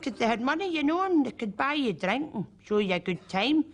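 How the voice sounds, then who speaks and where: A woman's voice: sits high, expressive, fairly quick. A frank old Glasgow woman. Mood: reminiscing. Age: older. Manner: frank, bawdy, chatty. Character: cheeky older Glasgow woman recalling wartime.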